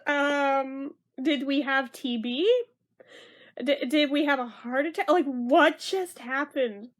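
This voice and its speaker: High-voiced chatty woman reviewing a film. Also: slow. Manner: chatty, sarcastic, swears, mock-dramatic outbursts. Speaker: movie reviewer. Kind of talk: casual movie review.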